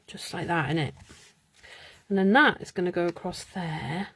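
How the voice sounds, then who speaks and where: A woman's voice: lowish voice, moderate pace, fairly bright tone, husky, dry recording. A woman hosting a live card-making stream, chatting, muttering to herself and laughing as she works. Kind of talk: casual live crafting chat.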